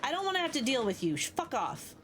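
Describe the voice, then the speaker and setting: High animated woman streaming a game. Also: fast, music in the background. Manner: animated, swears at the game, thanks viewers warmly. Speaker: live streamer. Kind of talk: casual gaming live stream chat.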